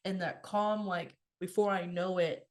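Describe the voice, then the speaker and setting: Low-pitched woman podcast co-host, rambly casual talk, lots of "like", swears a bit. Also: steady tone, unhurried, a little mellow. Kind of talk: casual spiritual chat.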